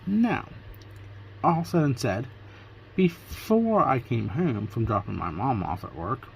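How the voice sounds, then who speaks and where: A man's voice: mid-range voice, lively intonation, slow pace, vocal fry, a little hiss or hum. A man vlogging casually from Pennsylvania, retelling his day through quoted back-and-forth conversations. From Pennsylvania, USA. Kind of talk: casual storytelling vlog.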